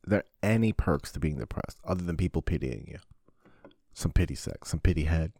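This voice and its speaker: A man hosting a podcast, talking in a casual, crude, comedic monologue that rambles, swears a lot and breaks into sudden loud bursts. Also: deep voice, lively intonation, a little fast, no echo, clean studio sound. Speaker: podcast host.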